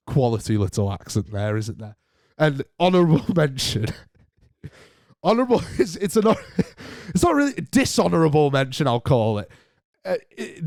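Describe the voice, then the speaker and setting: A young man from Northern England, with the accent to match, hosts a casual solo podcast in a medium-pitched, darkish voice. The recording is dry and clean, studio-quality, and he is chatty and jokey, rambling through his points and restarting as he goes.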